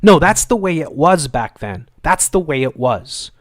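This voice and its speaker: A man's voice: a little high, very animated, unhurried, hardly any pauses, dry recording. Indignant ranting man, dry close mic. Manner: indignant, argumentative, swears, repeats phrases. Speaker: host of a live commentary show. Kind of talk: heated political rant.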